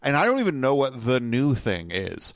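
A podcast co-host with a level, measured delivery who calmly sets the record straight. His dry, close recording keeps every word clear and even. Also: mid-range voice, no room sound. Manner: measured, fact-checking. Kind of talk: casual chat.

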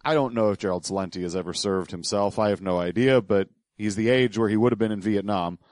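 A man's voice: lowish voice, fairly quick, a little mellow, no room sound, studio quality. A man hosting a podcast, explaining clips in a digressive, hesitant way. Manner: digressive, hesitant, lots of uhs and restarts. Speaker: podcast host. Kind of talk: casual podcast commentary.

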